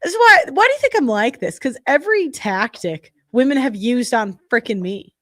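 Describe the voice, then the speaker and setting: A woman's voice: fairly high pitch, lively intonation, moderate pace, fairly bright tone, no room sound, clean studio sound. Blunt, profane woman streamer. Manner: heated, blunt and profane, with frequent restarts. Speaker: livestream host. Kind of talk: casual livestream commentary.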